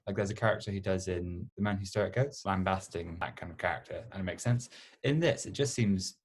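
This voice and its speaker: A man with a very low voice chats through a film review over a video call. He is wry and grumbling, tossing in quick asides about what bugged him. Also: slightly rough. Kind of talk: casual film review chat. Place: home during lockdown.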